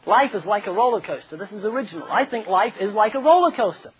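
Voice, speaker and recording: A man's voice: high-pitched, animated, fast talker, slightly rough, rough recording. A man preaching a humorous sermon, telling stories and acting out the quoted voices of others. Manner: jokey, storytelling, acts out quoted voices.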